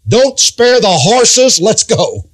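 Male preacher, higher voice, dramatic pitch swings, emphatic sermon, biblical wording. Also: sing-song, slow pace. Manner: retells scripture in old-fashioned biblical wording.

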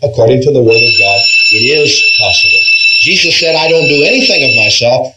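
Very noisy audio captures a man with a slightly high voice and huge pitch swings, talking a little fast as he teaches an interactive Bible class. Questioning and emphatic, he stresses key words, restarts frequently, and says "all right" a lot.

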